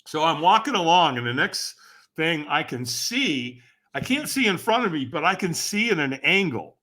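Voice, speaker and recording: A man guesting on a podcast, telling a story with animated energy and acting out the dialogue. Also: on the high side, normal speed. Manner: acts out quoted dialogue, emphatic and lively.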